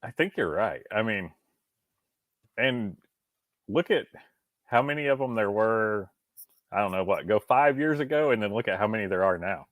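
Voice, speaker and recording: A man joins a casual podcast as a guest, tossing in jokes and short agreeing replies and laughing along. His voice sits low but swings widely in pitch. The recording is dry and close. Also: lively intonation, moderate pace, long pauses, a bit bright, no room sound.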